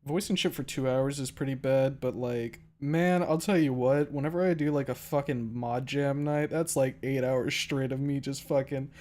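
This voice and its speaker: Male streamer, host, casual chat, animated and rambling, swears a lot, mid-range voice, loose and unscripted. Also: mid-range voice, moderate pace, few pauses.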